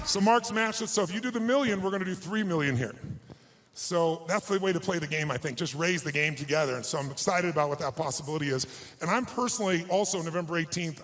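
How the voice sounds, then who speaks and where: A man's voice: fairly high pitch, poor audio. Emphatic man giving a motivational talk. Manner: emphatic, shifts often between hushed and raised delivery. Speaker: motivational speaker. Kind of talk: live motivational speech with personal storytelling.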